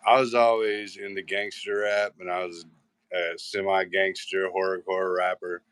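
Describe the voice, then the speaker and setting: A man with a low voice rambles his way through a casual live-show chat, swearing freely and stopping to restart his sentences. The recording is dry and close, with no room sound around him. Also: little pitch movement, normal speed, a bit bright, clean tone, dry recording. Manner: rambling, profane, restarts often. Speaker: host.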